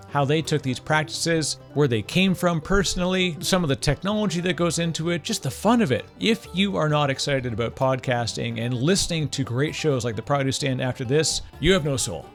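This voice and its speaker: A Canadian man hosting a podcast, chatting enthusiastically and casually, poking fun at himself. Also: mid-range voice. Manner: enthusiastic, chatty, self-deprecating. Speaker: podcast host. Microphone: podcast microphone.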